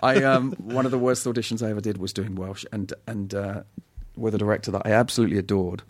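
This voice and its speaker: Animated laughing male storyteller, dry mic. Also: lowish voice, fast talker, no echo. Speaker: guest actor. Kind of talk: casual anecdote-telling.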